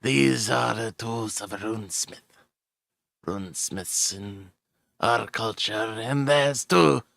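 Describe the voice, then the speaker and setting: A man doing a gravelly blunt dwarf smith. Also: on the low side, slow pace, a bit bright, dry recording, studio quality, heavily acted. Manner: blunt, folksy, says aye and lad. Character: gruff old male dwarf runesmith, blunt. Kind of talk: in-character tabletop role-play.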